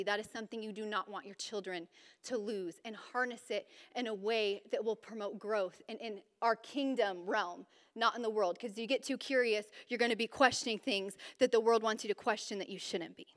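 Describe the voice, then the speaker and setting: A woman giving an informal, conversational sermon at a Bible study, animated and chatty, with sudden bursts of emphasis. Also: a little high. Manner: informal and chatty, with fillers and restarts. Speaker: women's Bible study speaker. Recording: reverberant hall sound.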